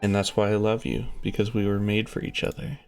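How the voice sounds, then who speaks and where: A man's voice: on the low side, little pitch movement, brisk, gravelly, a little mellow, soft background music. A man voicing a tearful, devoted young woman who clings to the one she loves.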